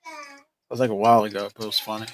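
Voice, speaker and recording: A man's voice: on the low side, huge pitch swings, fast, a little hiss or hum. A man hosting a casual livestream chat, rambling and often restarting his sentences. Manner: rambling, with frequent restarts and fillers. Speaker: livestream host.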